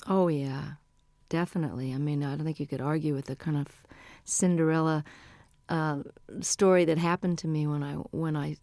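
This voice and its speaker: A woman's voice: deep voice, fairly even intonation, normal speed, warm tone, no room sound, clean studio sound. A woman in her forties, a musician guest talking candidly and chattily in a radio interview. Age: 40s. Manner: chatty, candid and self-deprecating.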